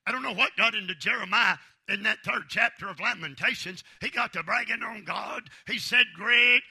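At a normal speed, a man with a high, gravelly and husky voice preaches a revival sermon, shouting fervently. His lines shift from loud bursts to hushed tones as he seeks amens from the congregation.

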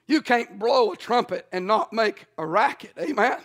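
High-voiced preacher with a rhythmic sermon. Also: male voice, animated, moderate pace, a bit bright. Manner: rhythmic, emphatic preaching with frequent "uh" and "amen".

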